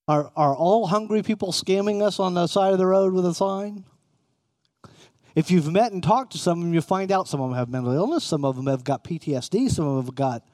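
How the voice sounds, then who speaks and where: A man's voice: high voice, a little fast, darkish tone, no room sound, clean studio sound. A middle-aged man preaching a conversational sermon, often putting questions to his listeners. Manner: conversational, asks the room questions.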